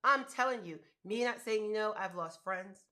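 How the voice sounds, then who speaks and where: A woman's voice: mid-range voice, normal speed, bright, forceful tone. Woman host, motivational live talk, emphatic and colloquial, chatty. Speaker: host giving business grant advice.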